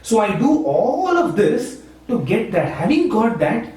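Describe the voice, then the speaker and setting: A man's voice: high-pitched, very animated, measured pace, a little mellow. A man from Maharashtra, giving an informal spiritual talk. He speaks conversationally, often checks with "right?" and chuckles. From India, Maharashtra. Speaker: satsang speaker, university teacher. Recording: echoey room, far from the mic, faint hum.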